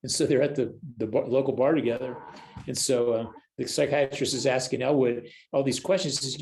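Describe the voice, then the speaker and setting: A man's voice: medium pitch, brisk, gravelly, a little hiss or hum, low-quality recording. An older man, a counselor and spiritual leader, talking casually as a podcast guest and acting out the voices he quotes. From United States. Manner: animated storyteller who acts out quoted voices. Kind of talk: casual storytelling conversation.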